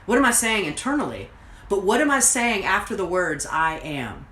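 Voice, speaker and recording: A woman's voice: mid-range voice, very animated, normal speed, a bit bright, reverberant, low-quality recording. A woman host and coach giving an earnest, reflective motivational talk straight to her viewers on a livestream. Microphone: livestreamed to social media.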